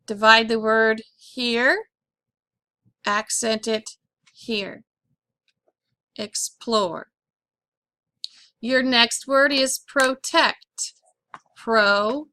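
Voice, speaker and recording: A woman teaching a phonics lesson, spelling out letters one by one in a slow, deliberate way and clearing her throat now and then. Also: on the high side, fairly even intonation, pushed and bright, no room sound. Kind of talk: classroom lesson on syllable accent.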